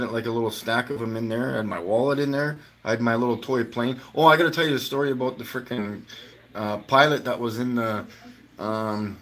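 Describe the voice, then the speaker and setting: A man's voice: mid-range voice, fairly bright tone. A man hosting a live stream from home, telling casual, rambling stories, swearing freely and laughing as he talks.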